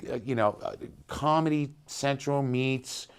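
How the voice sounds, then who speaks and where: Man telling a lively anecdote. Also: mid-range voice, unhurried, smooth. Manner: animated anecdote-telling, acting out quoted voices. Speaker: interviewed musician. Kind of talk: storytelling in an interview.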